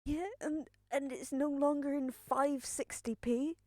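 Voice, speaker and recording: A young woman talks to her stream in a slow, unhurried drawl, yet she sounds jittery and a little out of breath, circling back over the same words and swearing as she goes. The sound is dry and close, with no room around her. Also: high voice, fairly even intonation, a little mellow, no room sound. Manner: rambling, nervous, swears and repeats herself. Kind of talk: casual live-stream chat.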